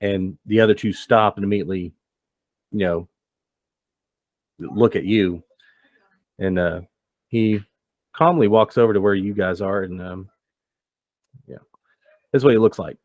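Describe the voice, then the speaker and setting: A man as game master, narrating a tabletop role-playing game in a relaxed, descriptive way. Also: lowish voice, unhurried, pauses often, no echo. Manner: relaxed, descriptive, loose with fillers.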